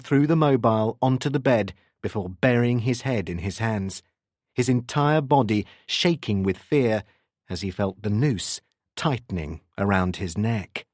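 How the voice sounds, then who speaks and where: A man reading a crime thriller audiobook in a steady, expressive narration on a close studio mic. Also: fairly low pitch, normal speed, no room sound.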